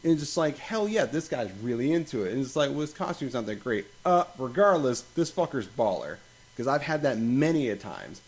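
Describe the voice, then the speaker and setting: A young man hosting a casual podcast, rambling and swearing as he tells animated stories. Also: mid-range voice, a little fast. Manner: profane, rambling, animated storytelling. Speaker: podcast host.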